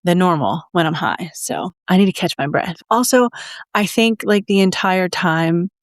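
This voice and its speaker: A woman's voice: on the low side, animated, moderate pace, no room sound, studio quality. A woman hosting her own podcast, chatting casually and out of breath, giggling and rambling as she repeats herself. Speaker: podcast host. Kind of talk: casual solo podcast chat.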